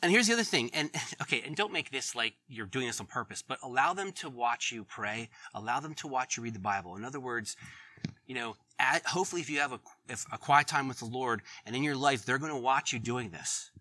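A man's voice: mid-range voice, expressive, fairly quick, pushed and bright. A middle-aged man preaching in an earnest, conversational way, laughing now and then at his own stories. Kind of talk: sermon.

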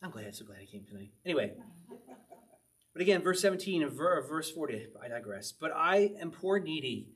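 A man's voice: on the high side, sing-song, a little fast, fairly bright tone. A man leading an evening Bible study as pastor, reading psalms aloud and explaining them in a loose, conversational way, often laughing. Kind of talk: informal Bible study teaching.

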